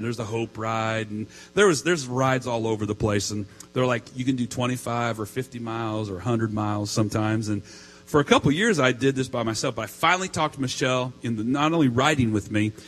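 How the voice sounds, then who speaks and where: A man's voice: medium pitch, fairly bright tone, low-quality recording. A middle-aged man preaching a sermon, telling a personal story in a casual way with many fillers. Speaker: pastor. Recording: mains hum.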